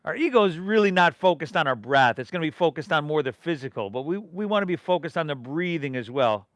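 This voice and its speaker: A man's voice: a little high, expressive, fast talker, dry recording, studio quality. Upbeat man guiding a yoga class. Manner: encouraging, rhythmic breath cues with casual asides. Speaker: yoga instructor. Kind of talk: live-streamed yoga class cues.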